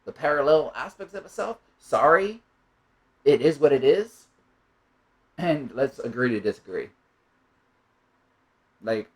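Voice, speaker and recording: A man's voice: medium pitch, rough recording. A man giving a reflective spoken monologue, rambling and musing, often checking in with "right?". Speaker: monologue speaker.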